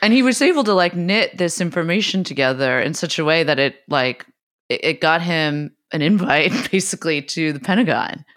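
A podcast co-host chatting casually, quick-talking, laughing often and swearing lightly. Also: medium pitch, animated, fairly bright tone. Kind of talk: casual chat.

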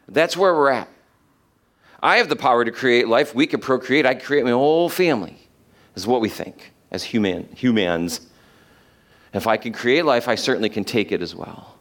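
A man preaching a sermon, reading scripture aloud and explaining it, slowing down to stress key verses. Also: medium pitch, animated, fairly bright tone. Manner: emphatic, slows down to stress quoted verses.

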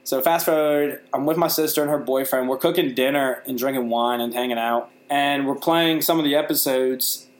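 A man's voice: medium pitch, fairly even intonation, normal speed, few pauses. A young man co-hosting a podcast, telling stories in casual chat, laughing often and acting out family members' voices. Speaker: podcast co-host.

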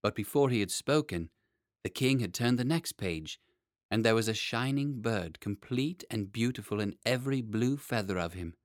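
Expressive male storybook narrator. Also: on the low side, moderate pace, no echo, studio quality. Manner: expressive, playful. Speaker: audiobook narrator.

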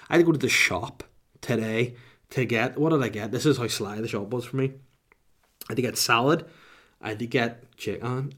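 A man's voice: mid-range voice, a bit bright. A young adult man with a Northern Irish accent, a comedian ranting to camera in a rambling, sweary way full of asides.

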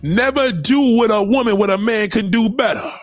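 A man with a high-sitting voice rants to his followers, blunt, heated and swearing, going over the same points again and again. He speaks at normal speed, and there's a little hiss or hum on the recording.

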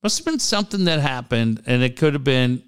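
Smooth-voiced male sports radio co-host. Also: medium pitch, sing-song, fairly quick. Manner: brief reactive interjections. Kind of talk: casual sports talk.

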